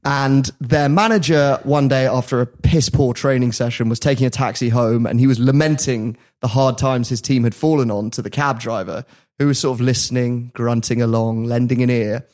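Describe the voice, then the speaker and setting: A man's voice: medium pitch, fairly even intonation, normal speed, darkish tone. A man hosting a podcast, telling a story in casual chat and often laughing at his own asides. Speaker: podcast host.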